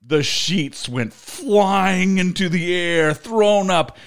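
A man's voice: high voice, takes it slowly, clear, resonant tone. A middle-aged man co-hosting a podcast, telling a story in casual chat and laughing often as he talks. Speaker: podcast co-host.

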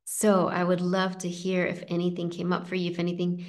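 A woman coach leading a live online session, talking gently and reassuringly, with frequent fillers and restarts. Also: fairly low pitch, monotone, fairly quick. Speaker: inner child coach. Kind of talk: live coaching session, reading chat comments.

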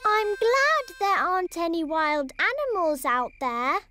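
A woman's voice: very high-pitched, big pitch swings, unhurried, bright, forceful tone, soft background music, full character voice. A woman voicing a cheerful little girl sheep in a cartoon, chirpy and chatty. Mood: playful. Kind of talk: cartoon voice acting.

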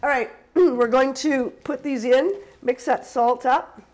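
A woman from Canada hosts a casual live cooking stream. She talks to her viewers in a chatty way and laughs often as she cooks. Her voice sits a little high. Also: takes it slowly, darkish tone, poor audio. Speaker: cooking show host.

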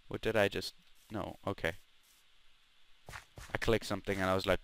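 A man's voice: lowish voice, expressive, fairly quick, pauses often, pushed and bright. A young man hosting a Minecraft let's play, grumbling, swearing and trash-talking the mobs as he plays. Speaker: gaming channel host.

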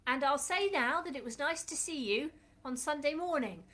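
A woman's voice: high-pitched, moderate pace, bright, forceful tone, poor audio. A woman hosting a Bible club for children, talking in a friendly way and calling out sing-song greetings.

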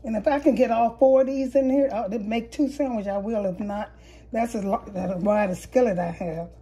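Woman, home cook host, chatty and rambling, mellow higher voice. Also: moderate pace. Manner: rambling, self-correcting, homey and chatty. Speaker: home cooking channel host. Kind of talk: casual cooking demonstration. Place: home kitchen.

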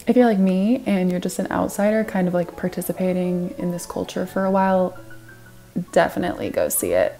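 A woman's voice: fairly low pitch, creaky, mellow. A young American woman vlogger speaking to camera, earnestly recommending something to her viewers. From United States. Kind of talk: talking to camera.

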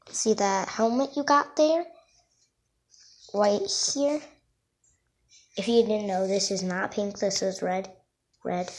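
A woman casually showing off her drawings, halting and self-conscious, often apologizing. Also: medium pitch. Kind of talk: casual show-and-tell. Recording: noisy home recording.

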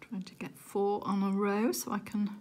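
A woman chatting casually while she works on a diamond painting at home, with gentle, softly murmured asides. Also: medium pitch, flat delivery, normal speed. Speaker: crafting vlogger.

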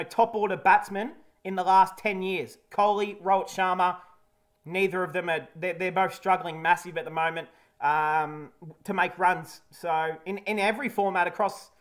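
A man's voice: sits high, fairly bright tone. A man hosting a casual cricket match review, talking candidly and jokingly with some blunt swearing. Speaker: cricket video host.

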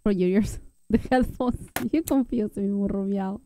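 A woman co-hosting a gadget review, giggling, exclaiming often, and reading product text haltingly. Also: mid-range voice, dark tone, slight background noise. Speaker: co-host of a product review channel. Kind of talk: casual excited chat.

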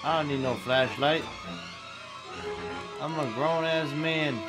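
A man's voice: a little high, takes it slowly. A young man casually commenting on a game, swearing often and reacting jumpily to scares, with music in the background. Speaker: gaming channel host.

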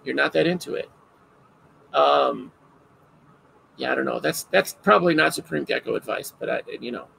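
A man hosting a casual chat, telling stories in an animated way and laughing often. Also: fairly high pitch, moderate pace, gravelly, long pauses, a little hiss or hum, low-quality recording.

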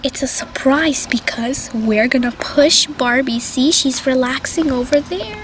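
A woman's voice: high voice, measured pace, a little hiss or hum, rough recording. A woman doing an eager scheming girl doll. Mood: plotting. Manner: conspiratorial, eager. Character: bossy young girl doll, playful leader. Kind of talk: doll play acting.

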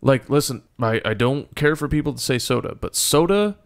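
A man's voice: mid-range voice, lively intonation, moderate pace, creaky. A man co-hosting a casual podcast, ranting heatedly and swearing constantly. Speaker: podcast co-host.

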